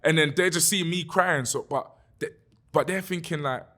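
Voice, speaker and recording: Young london guy telling a story on a podcast, animated, swears a lot, keeps saying bruv. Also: a little high, normal speed. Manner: animated, swears freely, says "bruv" often. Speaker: guest musician.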